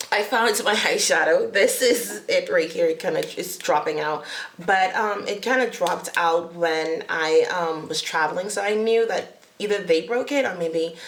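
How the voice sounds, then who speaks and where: Chatty woman with a gravelly edge. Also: on the low side, reverberant, a little hiss or hum. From Bahamas. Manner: chatty and rambling, laughs at herself. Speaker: beauty vlogger. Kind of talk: casual chat to camera.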